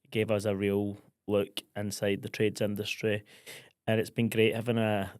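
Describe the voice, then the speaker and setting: Scottish male co-host, young, chatty and playful, lowish voice, dry studio sound. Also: monotone, moderate pace, a little mellow, smooth, no room sound. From Scotland. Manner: chatty, jokey, acts out quoted exchanges. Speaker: podcast co-host. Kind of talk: casual chat.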